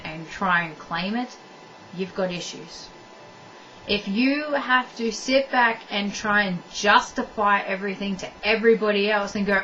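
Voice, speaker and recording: A woman's voice: mid-range voice, fairly bright tone. A young woman giving blunt relationship advice straight to camera, stressing her points by repeating them. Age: young adult. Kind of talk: direct-to-camera advice monologue. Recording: dull lo-fi audio from a distance with faint noise.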